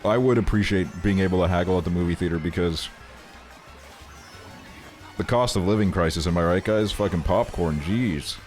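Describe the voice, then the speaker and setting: A young man with a deep, low voice chats casually on a live stream, joking and swearing as he rants. Faint music plays quietly behind him. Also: moderate pace, pauses often. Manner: profane, exasperated, joking. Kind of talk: casual chat.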